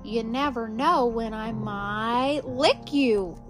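A woman's voice: on the high side, measured pace, music in the background, lightly acted. A woman voicing a big, scruffy, slobbering boy monster with a slurping, whiny way of talking, in a storybook reading. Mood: goofy.

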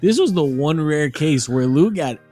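A man's voice: on the high side, animated, moderate pace, mellow, soft background music. A man hosting a casual podcast, joking and swearing with friends. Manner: swearing, joking, laughing often. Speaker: podcast host.

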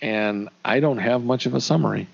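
A man with a gravelly edge chats about a movie as a podcast co-host. He jokes around and trips over his words, often restarting. The audio is dull and lo-fi. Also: medium pitch, normal speed. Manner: jokey, stumbling restarts. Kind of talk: casual movie review chat.

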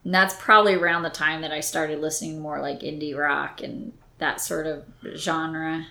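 A woman in her thirties co-hosting a podcast, chatting casually and reminiscing in a relaxed way. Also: low voice, moderate pace, creaky. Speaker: podcast co-host. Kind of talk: casual chat.

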